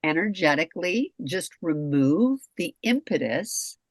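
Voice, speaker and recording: A woman's voice: on the low side, sing-song, a little slow, no echo. A middle-aged woman co-hosting a talk show, speaking bluntly and candidly about relationships and swearing freely. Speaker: podcast co-host, communication expert. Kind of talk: candid casual conversation.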